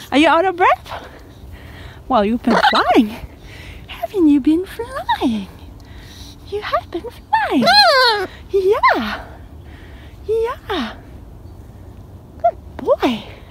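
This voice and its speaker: A woman's voice: very high voice, huge pitch swings, very slow, pauses often, noisy background. A woman vlogger talking to her pet bird in playful baby talk and to her viewers in a casual way.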